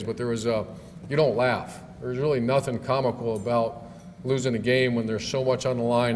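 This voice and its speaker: A man's voice: medium pitch, darkish tone. A middle-aged man, a football coach, telling stories in a speech at a club event, folksy with fillers and restarts. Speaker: guest speaker, football coach. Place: banquet hall. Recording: long hall reverb, faint room noise.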